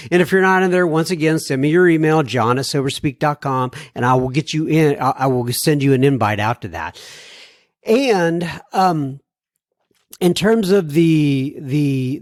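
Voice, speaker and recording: A man's voice: on the high side, no room sound, clean studio sound. An American man hosting a podcast, chatting casually between listener emails and laughing at his own jokes. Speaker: podcast host.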